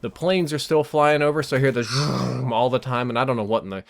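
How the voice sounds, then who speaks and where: A man recounting a vivid dream as an animated, breathless story over gameplay footage. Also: medium pitch, quick pace. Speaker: gaming YouTuber.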